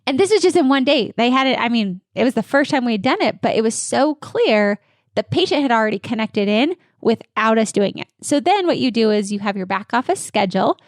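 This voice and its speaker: A woman dental practice consultant giving energetic, confident coaching answers in an interview. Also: on the high side, a little fast, no room sound, studio quality.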